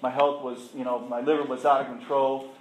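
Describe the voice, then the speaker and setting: Speaking briskly and flatly in a mid-range voice, a middle-aged man tells a support meeting about his recovery in a plainspoken, self-deprecating way. He acts out past exchanges with laughter; the recording has a little hiss or hum along with the roomy echo and faint ambience of a meeting room with an audience.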